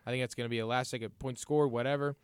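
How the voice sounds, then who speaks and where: A man leads a casual sports chat in an upbeat, chatty way. He is a little under the weather. His voice sits at an ordinary pitch and sounds dry and close to the mic. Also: fairly even intonation, racing, clear, resonant tone, no room sound.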